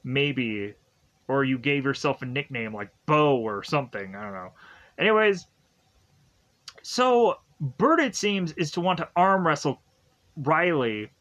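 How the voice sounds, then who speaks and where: A man's voice: a little high, expressive, measured pace, fairly bright tone, rough recording. Rambling, jokey young man reviewing a show. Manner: rambling, jokey, many fillers and asides. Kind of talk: casual recap commentary.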